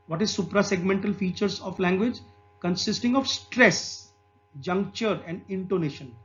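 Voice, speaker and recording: A man with an Indian English accent gives an exam-prep lecture in a high voice. He explains slowly, repeating examples aloud and leaning on "okay". The recording is slightly dull, with faint music underneath. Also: fairly bright tone.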